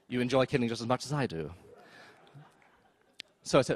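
A man telling a story on stage at a live event, wry and self-mocking, with quick asides and acted-out quotes. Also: mid-range voice, animated. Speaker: storyteller, film critic. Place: theater stage before an audience.

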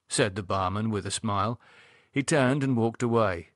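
A man narrating a novel aloud in a lively, expressive reading, with a husky voice. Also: fairly low pitch, moderate pace, dry recording, clean studio sound. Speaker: audiobook narrator. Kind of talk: scripted narration.

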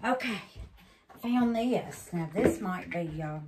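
A woman's voice: lowish voice, animated, slow pace, darkish tone, a little hiss or hum. A woman chats through a resin craft demo, exclaiming and calling her viewers babies. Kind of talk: casual craft demo chat.

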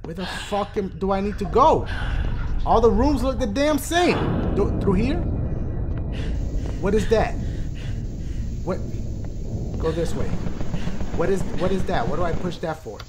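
A man doing loud, profane let's play commentary, jumping to shouts when scared. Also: sits high, animated, unhurried, pauses often, background noise. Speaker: gaming video host.

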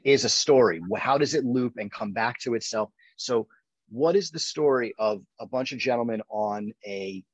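A man's voice: mid-range voice, no echo, poor audio. A man hosting a casual chat, rambling with many fillers and restarts. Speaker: host.

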